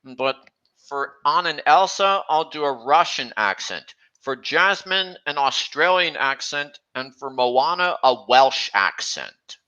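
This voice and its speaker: A man chatting casually on a stream, talking slowly and haltingly with frequent restarts. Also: a little high, expressive, pushed and bright, smooth, highs cut off. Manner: halting, many restarts, slow and meandering. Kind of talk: casual chat.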